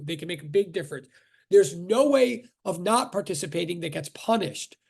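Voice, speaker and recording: Man, middle-aged, from Brooklyn, physics teacher, video call, joking, rambling, gravelly, raspy. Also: high-pitched, a little mellow. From Brooklyn, New York. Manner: rambling, joking, self-interrupting, sarcastic. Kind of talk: casual class introduction on a video call.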